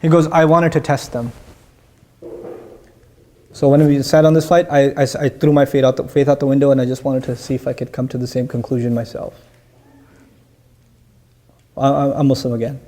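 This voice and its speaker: With a brisk, mid-range voice, this male Islamic teacher gives an animated lecture on verses of the Quran. He tells lively stories and regularly puts questions to the people listening.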